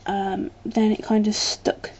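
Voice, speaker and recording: A woman's voice: medium pitch, flat delivery, slow, a little mellow, muffled recording. A woman with a British English accent chatting casually to camera as a vlogger, rambling a little with plenty of ums.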